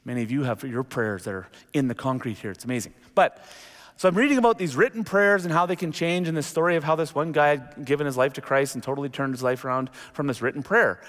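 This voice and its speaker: A middle-aged man preaching a sermon as pastor, telling a story with animated energy. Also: mid-range voice, fast. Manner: animated storytelling, jumps into acted quotes. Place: church sanctuary. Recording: long reverb of a large hall.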